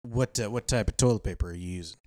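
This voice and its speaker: Podcast co-host, man, low voice, deadpan and teasing, dry close-mic sound. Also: quick pace, no echo. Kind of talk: casual crude chat.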